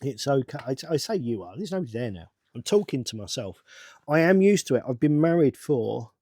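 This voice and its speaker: A middle-aged channel host rambles to himself while working at a table, in casual build-along chat broken by sudden bursts of excitement. His middle-pitched voice is fairly quick with a breathy edge. The recording is dry and close, with no echo or room sound.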